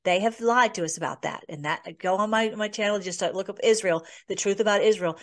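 A woman's voice: medium pitch, fairly quick. A woman hosting a conversational Bible teaching, reading scripture aloud and commenting earnestly with many fillers. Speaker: host.

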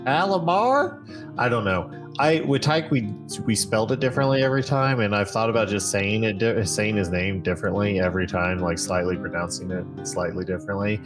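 Man, low voice, tabletop player, self-correcting and musing, clear guitar music behind. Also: steady tone, fairly quick. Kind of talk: casual chat describing a character.

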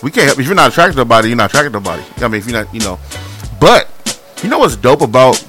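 A man's voice: mid-range voice, racing, faint music behind. A man co-hosting a talk show, debating in casual chat and acting out other voices as he argues. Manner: animated, acts out other voices while arguing.

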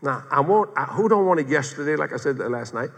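An older man, a pastor, preaching a sermon in a folksy, animated way, with humor and acted-out quotes, recorded in a church sanctuary. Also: on the high side, fairly quick, big-room sound.

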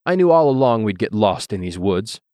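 Brief: fretful, pleading young girl queen read by a man, lowish voice, dry audiobook sound. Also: very animated, moderate pace, warm tone, no room sound. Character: anxious tender-hearted young girl queen.

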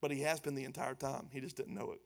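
A man's voice: mid-range voice, fast talker, creaky. A man preaching a sermon as pastor, emphatic and conversational. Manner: animated, loud and emphatic, then quieter and conversational.

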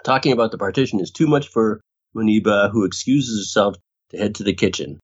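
Male podcast co-host, husky, fairly low voice, casual recap, dull lo-fi sound. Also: a little fast. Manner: reads recap, laughs often, mimics characters. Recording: dull lo-fi audio.

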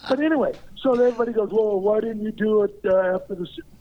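High-voiced older man on a tinny phone line. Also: quick pace. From Arkansas. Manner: lively anecdotal storyteller who acts out quoted lines. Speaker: guest, former pro football player. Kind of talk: interview storytelling.

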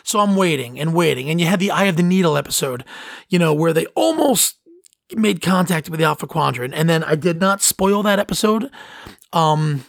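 A man's voice: a little high, expressive, normal speed, vocal fry, no echo, clean studio sound. A man hosting a podcast in casual chat, rambling and enthusiastic with lots of fillers and restarts. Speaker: podcast host.

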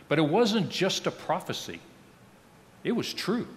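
Slow, solemn pastor in a reverberant church. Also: male voice, high-pitched, sing-song. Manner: slow, solemn reading with falling, hushed phrase ends. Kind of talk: sermon. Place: church sanctuary.

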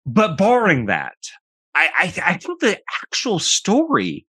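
Animated guy rambling about an old monster movie, bouncy pitch, punchy and emphatic. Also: unhurried, breathy edge, no echo. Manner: animated, emphatic, repeats words when excited. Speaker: podcast co-host. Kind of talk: casual film-review chat.

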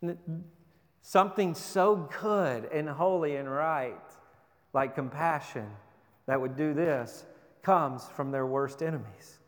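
A man's voice: a little high, takes it slowly. A man preaching a sermon as pastor, emphatic, firing rhetorical questions and repeating words as he drives points home. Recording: long reverb of a large hall.

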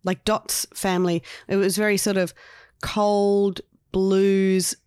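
A woman's voice: mid-range voice, little pitch movement, a little mellow, smooth, dry recording. A woman, co-hosting a podcast, reviewing a TV show in casual chat with jokey asides. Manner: chatty, jokey, quick asides. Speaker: podcast co-host.

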